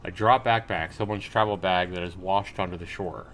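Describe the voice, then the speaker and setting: A man's voice: deep voice, steady tone, moderate pace, a bit bright, slight background noise. A man live-streaming a game, reading on-screen text aloud and chatting casually with viewers as he plays. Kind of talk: live gameplay commentary.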